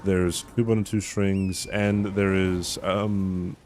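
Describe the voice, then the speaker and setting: A man with a lowish voice talks loosely to his stream chat from a home setup. He rambles, swears freely and laughs as he reacts to viewers' messages. A faint hum sits behind him. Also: level tone, takes it slowly, darkish tone. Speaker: game streamer. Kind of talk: casual chat with viewers while gaming.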